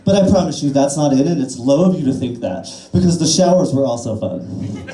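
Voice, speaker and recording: A trans woman comic in her twenties speaks in a rumbling low voice, expressive and a little fast, over background noise. Her stand-up set on a small cafe-bar stage is crude, self-deprecating, and rambling with fillers, and the room echoes.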